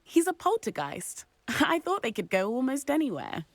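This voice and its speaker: A chatty young schoolgirl in a video game, eager to pass on a rumour. Her voice swoops lively up and down in pitch. The recording is dry and close. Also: normal speed, dry recording, full character voice. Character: cheerful young female student at a magic school.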